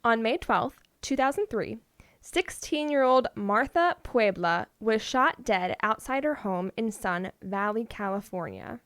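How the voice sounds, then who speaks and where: A woman's voice: on the high side, animated, measured pace, fairly bright tone, dry recording, studio quality. A woman co-hosting a podcast, telling odd stories in a playful, casual way and often laughing. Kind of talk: casual storytelling chat.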